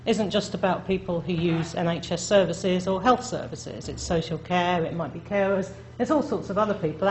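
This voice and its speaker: A woman's voice: on the low side, darkish tone. A woman speaks to a room of listeners in a friendly, self-deprecating way, often checking in with them. The sound is roomy and echoey, with a faint hiss underneath. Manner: chatty, self-deprecating, addresses audience directly. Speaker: presenter. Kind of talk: conference presentation. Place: lecture room.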